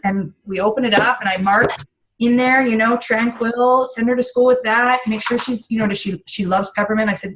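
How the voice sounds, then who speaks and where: A woman's voice: a little high, fairly even intonation, a little fast, fairly bright tone, a little hiss or hum, poor audio. A middle-aged woman giving a casual training talk on sharing a home business, chatty and full of fillers and asides. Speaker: essential oils business trainer.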